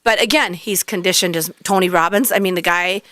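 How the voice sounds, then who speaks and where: A woman guest chatting on a radio show, telling lively stories and acting out what people said. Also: fairly low pitch, fairly quick. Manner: excitable storyteller, acts out quotes. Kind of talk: casual chat. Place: radio studio.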